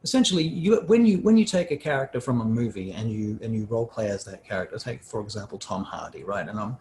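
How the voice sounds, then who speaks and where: A man's voice: lowish voice, expressive, fast, a little mellow, slight background noise. A middle-aged man giving a casual, rambling lesson on acting for roleplaying games, often breaking off and restarting his sentences. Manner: rambling, self-interrupting. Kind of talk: casual instructional talk.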